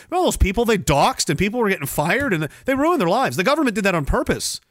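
A man's voice: big pitch swings, fast, hardly any pauses, dry recording, clean studio sound. A man hosting a livestream, ranting in a profane, rambling way and mocking others with sarcastic put-on voices. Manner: sarcastic, mocks others in high mimicking voices. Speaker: livestream host.

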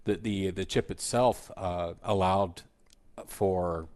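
Deep-voiced middle-aged man reminiscing haltingly. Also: steady tone, darkish tone. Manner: halting, many fillers, reminiscing. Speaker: guest co-host, the host's father. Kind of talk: casual podcast chat.

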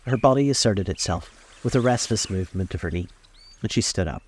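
A man reading a novel aloud in a calm, measured way, recorded outdoors on a lakeside deck. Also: on the low side, a little hiss or hum. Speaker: storyteller.

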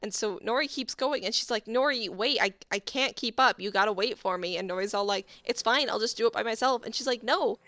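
A young woman chatting casually, quickly retelling scenes and acting out the lines. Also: on the high side, fairly bright tone, no room sound. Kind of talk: casual recap chat.

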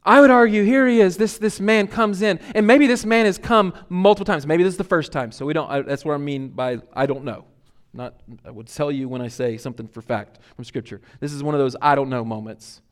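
A man preaching a sermon as pastor, earnest and emphatic, building to loud peaks and then dropping to quiet reflection. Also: fairly high pitch, brisk.

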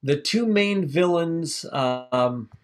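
A man co-hosting a casual film podcast, animated and quick to laugh, often acting out what others said. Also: fairly high pitch. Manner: animated, laughs and acts out quoted voices. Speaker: podcast co-host reviewing films. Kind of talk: casual chat.

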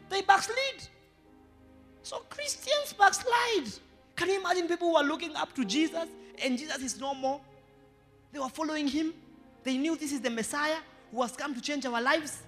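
A male pastor with a Kenyan accent preaching a sermon, building to shouted emphasis with playful Swahili asides. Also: very high voice. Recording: live church sermon with long reverb and faint music.

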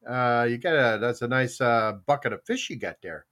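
A man's voice: mid-range voice, expressive, moderate pace, a bit bright, pitched below the performer's own voice, lightly acted. A man voicing a suspicious male game warden questioning a fisherman in a joke. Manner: questioning, doubtful.

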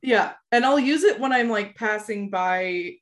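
A woman co-hosting a podcast in casual chat, animated and quick to slip into playful impressions. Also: mid-range voice. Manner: animated, often slips into a posh drawling impression. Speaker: podcast co-host.

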